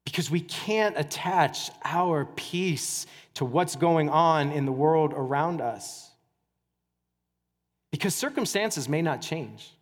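A man pastor preaching a sermon in a conversational, animated way, with casual asides. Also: a little high, slow. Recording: church hall reverb.

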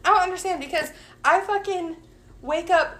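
A woman's voice: very high voice, normal speed, a bit bright. A woman co-hosting a podcast, telling a story in a casual, profane, laughing way. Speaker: podcast co-host.

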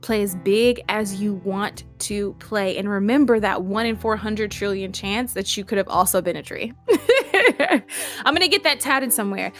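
A woman's voice: mid-range voice, normal speed, few pauses, a bit bright, faint music behind. A woman hosting a motivational podcast monologue. She talks emphatically and repeats herself, piling up words and laughing between lines. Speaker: podcast host.

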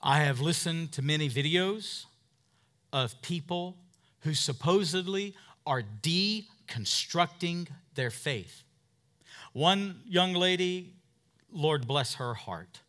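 A man's voice: on the high side, animated, slow pace, sharp tone. A middle-aged male pastor preaching an emphatic sermon, calling for amens from the congregation. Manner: emphatic preaching with call-and-response.

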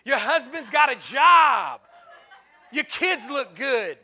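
A male pastor preaching an impassioned sermon in a church, dropping to a hush and then breaking into shouts, with repeated call-and-response lines. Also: extremely high pitch, big pitch swings, takes it slowly. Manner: repetitive call-and-response phrasing.

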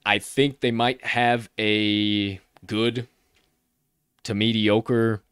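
A man hosting a sports betting podcast, rattling off point spreads in energetic, profane casual chat. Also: lowish voice, very slow, smooth, no room sound, clean studio sound. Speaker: podcast host.

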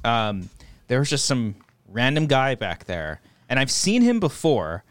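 A man's voice: mid-range voice, huge pitch swings, a little slow, no echo. A man co-hosting a podcast, telling a story in a rambling, profane way and acting out the voices of the people in it. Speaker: podcast co-host. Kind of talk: casual chat, storytelling.

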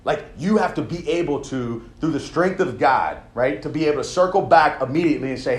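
A man's voice: a little high, expressive, moderate pace. A young man, a coach, giving an emphatic, conversational sermon and checking in often with his listeners. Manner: emphatic, conversational preaching with frequent "all right?" check-ins. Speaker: coach leading a devotional. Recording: echoey room.

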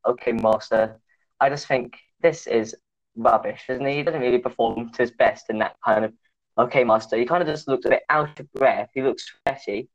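A young man co-hosting a podcast, teasing and animated, slipping into silly voices. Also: medium pitch, brisk, no room sound, dull audio. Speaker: podcast co-host. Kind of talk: casual banter.

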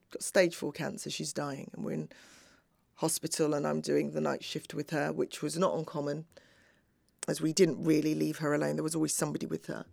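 A woman's voice: deep voice, vocal fry, no echo. A middle-aged woman telling a personal story earnestly and acting out remembered conversations. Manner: earnest, acts out remembered dialogue. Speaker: speaker.

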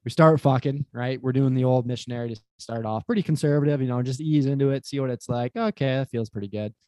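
A man's voice: medium pitch, fast, no echo. A young man on a podcast, telling a crude personal story in casual chat, swearing often and acting out what people said. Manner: animated, profane, acts out quotes. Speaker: podcast guest.

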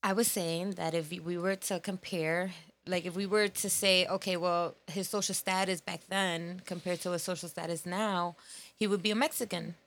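Woman, bright crisp voice, chatty and hedging, laid-back friend. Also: lowish voice, steady tone, normal speed. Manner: chatty, explains her point with hedging fillers. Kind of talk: casual joking chat among friends.

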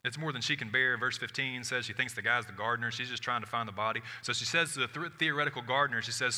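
A man preaching a sermon, telling the story with animated swings from loud to hushed and acting out the people in it. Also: medium pitch, quick pace, few pauses, big-room sound. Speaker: pastor.

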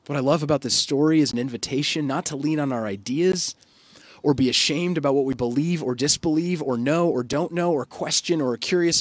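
A male pastor giving a sermon in an earnest, reflective way, often trailing off softly. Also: medium pitch, no room sound. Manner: earnest, reflective, with soft dropping pauses.

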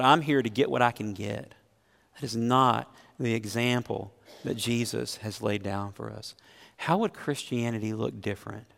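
A man's voice: mid-range voice, creaky, fairly bright tone. Earnest preacher man in a reverberant hall. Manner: earnest, questioning the congregation directly. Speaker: pastor. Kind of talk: sermon. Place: church sanctuary. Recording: long reverb of a large hall.

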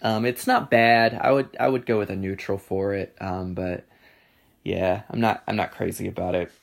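A man's voice: sits low, fairly even intonation, normal speed, creaky. A man giving casual solo commentary on songs, hesitant and offhand, with many ums and restarts and a dry sense of humor. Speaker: music reviewer.

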